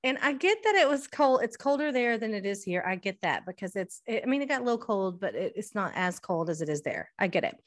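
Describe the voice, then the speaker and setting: A middle-aged woman, a podcast co-host in casual chat, telling an animated story, swearing freely and restarting often. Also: mid-range voice, fast, hardly any pauses.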